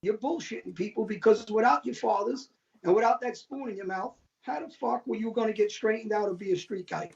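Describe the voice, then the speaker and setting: Man, high gravelly voice, accusing, dull-sounding clip. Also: fairly quick. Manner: accusing, coarse. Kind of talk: casual chat.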